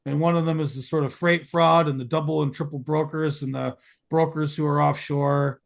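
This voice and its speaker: A man's voice: a little high, little pitch movement, normal speed, gravelly. A man hosting a podcast, talking casually in long, rambling runs full of fillers and restarts. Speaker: podcast host.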